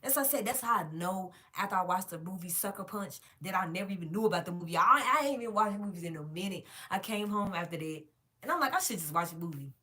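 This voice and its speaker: A woman's voice: mid-range voice, quick pace, hardly any pauses, sharp tone. A woman vlogging to her viewers in a casual, emphatic and profane rant, calling them y'all.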